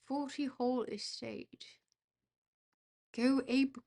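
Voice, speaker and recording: A young woman streaming a geography guessing game, reacting excitably, swearing freely and talking to her chat. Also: on the high side, normal speed. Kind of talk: casual live-stream chat while playing a geography game.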